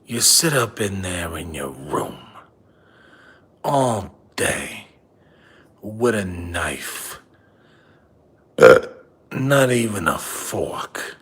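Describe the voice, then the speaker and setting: A man's voice: fairly low pitch, moderate pace, long pauses, breathy edge. A comedian playing a nagging middle-aged father who drives a bus, scolding his son over and over. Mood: hushed. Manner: scolding, repetitive, drops to hushed whispers. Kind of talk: comedy character monologue.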